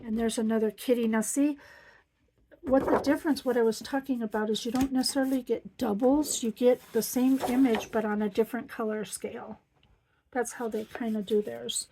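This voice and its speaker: A woman's voice: a little high, fairly even intonation, normal speed, noisy background. A middle-aged woman chatting casually through a craft supply haul, gushing with lots of ums. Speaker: crafting vlogger. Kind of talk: casual show-and-tell haul.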